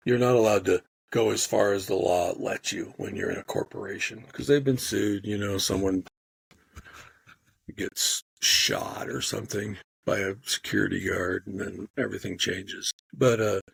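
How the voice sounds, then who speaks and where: A man telling animated stories in casual podcast chat, swearing freely and acting out what people said. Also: fairly low pitch, gravelly, husky, no room sound. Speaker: podcast guest storyteller.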